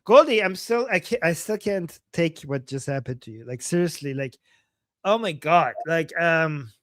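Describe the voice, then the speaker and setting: A man hosting a casual political chat, animated and incredulous, peppering his speech with "like.". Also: on the high side, moderate pace, no echo. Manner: animated, incredulous, frequent "like" and "oh my God". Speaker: political talk show host.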